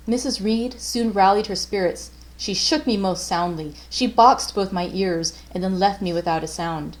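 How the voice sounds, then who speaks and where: A woman, a librarian host, reading a classic novel aloud in measured, unhurried first-person narration. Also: mid-range voice, a little mellow, low-quality recording.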